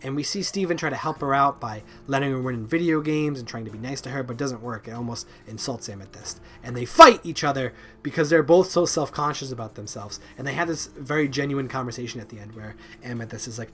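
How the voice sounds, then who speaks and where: Man rambling through an episode review. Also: mid-range voice. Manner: halting, repeats words, many ums and likes; loose and informal, swears offhand. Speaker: video reviewer.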